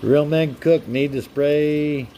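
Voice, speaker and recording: A young man hosting a casual live stream, reading out viewers' comments and names and giving them shout-outs in a chatty, upbeat way. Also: on the high side, slow, a little hiss or hum. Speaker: livestream host.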